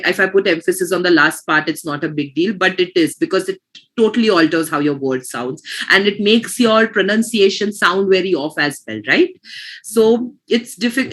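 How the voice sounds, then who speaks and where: A woman's voice: mid-range voice, a bit bright. A woman teaching pronunciation in an online class, explaining patiently and restarting her phrases.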